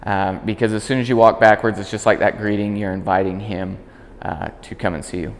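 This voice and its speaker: A man working as a dog trainer, explaining commands in a calm instructional demonstration. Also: a little fast, long reverb tail. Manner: calm explaining, high-pitched praise to the dog.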